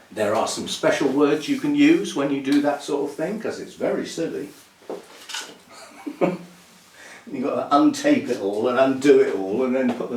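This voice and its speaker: Low-voiced man thinking aloud. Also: darkish tone. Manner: rambling, thinking aloud with chuckles. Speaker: orchid channel host. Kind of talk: casual chat while packing and repotting plants. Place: indoor room, working with plants. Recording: roomy, somewhat distant, faint noise.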